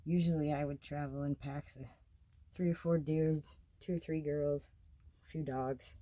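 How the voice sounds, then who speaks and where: A young woman telling a story of her travels in a casual, blunt, heavily profane way, getting animated as she relives it. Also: sits low, unhurried, no echo.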